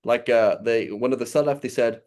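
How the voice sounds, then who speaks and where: A religious teacher gives an informal lesson in a mid-range, darkish male voice at a slightly quick pace. He speaks loosely and conversationally, often checking in with listeners with "right?", and recites Arabic passages fluently.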